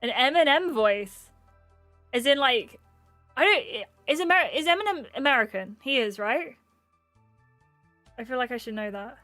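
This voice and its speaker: A woman's voice: high-pitched, expressive, bright, forceful tone, no echo, soft background music. Bubbly young English woman streaming. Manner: bubbly and chatty, quick laughs and gasps. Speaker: gaming streamer. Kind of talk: casual livestream chat, reading out viewer comments.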